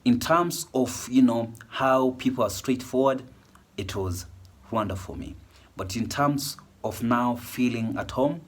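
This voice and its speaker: Husky-voiced man with a cold. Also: fairly low pitch. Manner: rambling, chatty, with many fillers. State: has a cold, voice worn. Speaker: vlogger. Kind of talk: casual chat to camera.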